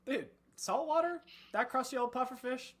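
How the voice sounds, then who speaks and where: A man's voice: extremely high pitch, lively intonation, normal speed, noisy background, voice pushed up. A man voicing a laid-back surfer-dude bandit leader who drawls slang and calls everyone dude, in a tabletop game. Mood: scornful.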